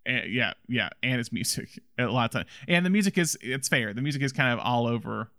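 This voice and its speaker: A man co-hosting a casual film discussion, animated and laughing often as he talks. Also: mid-range voice, a little fast, no room sound, clean studio sound. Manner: animated, laughs often, restarts when excited. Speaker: podcast co-host.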